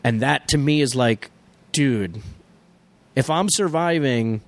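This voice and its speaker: A man co-hosting a podcast in casual chat, rambling through stories with animated impressions. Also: mid-range voice, takes it slowly, dry recording. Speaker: podcast co-host.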